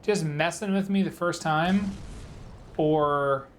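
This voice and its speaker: A man's voice: a little high, slow, a little hiss or hum. Rambling man gaming. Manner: rambling storyteller, heavy filler words. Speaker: let's play gamer. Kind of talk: casual gameplay commentary.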